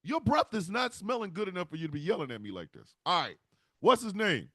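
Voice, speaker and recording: A man's voice: sits high, very animated, a little fast, bright, forceful tone, no room sound, studio quality, exaggerated voice. A man voicing a hapless male crow who has been made the harbinger of death, whiny and bickering in streetwise slang.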